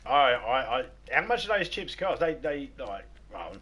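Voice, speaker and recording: An Australian man chatting through a gaming livestream in a mid-pitched, everyday voice. He rambles and stumbles over repeated words. He laughs at his own stories. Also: sing-song, measured pace, bright, forceful tone, husky. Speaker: livestream host. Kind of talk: casual gaming livestream chat.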